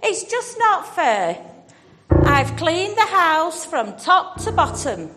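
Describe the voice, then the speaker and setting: A grumbling, overworked woman, voiced by a woman telling a church story, drags out every complaint. Her voice sits high and insistent. Long echo of a church hall trails behind her. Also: big pitch swings, loud music behind the voice, full character voice. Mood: moaning. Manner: moaning, complaining, slow and emphatic.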